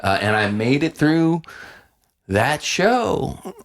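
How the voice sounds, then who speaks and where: Animated gravelly man telling his story. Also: a little high, takes it slowly. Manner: animated, swears freely, acts out quoted voices. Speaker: guest. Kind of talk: candid conversational storytelling.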